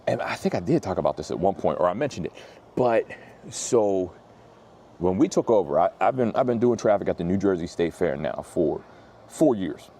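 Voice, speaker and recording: A man preaching in a relaxed, slang-heavy, storytelling way, getting lively when he retells conversations. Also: deep voice, slight background noise. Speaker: pastor. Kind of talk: casual sermon storytelling.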